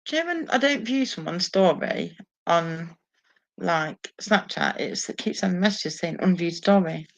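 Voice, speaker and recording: A woman's voice: lowish voice, expressive, normal speed. A woman hosting a casual live stream at home, chatting to viewers with frequent swearing and laughter. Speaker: live stream host reading viewer comments. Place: home, sitting alone. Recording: dull lo-fi sound.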